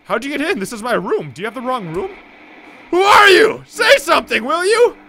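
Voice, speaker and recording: A frail old mother, lost in confusion, in a thin and wavering high voice, as a man puts her on. She swings from sweet to frightened, with her pitch leaping all over. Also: sing-song, fast talker, a crowd in the background. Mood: panicked. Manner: high quavering put-on voice, breaking into panicked screams.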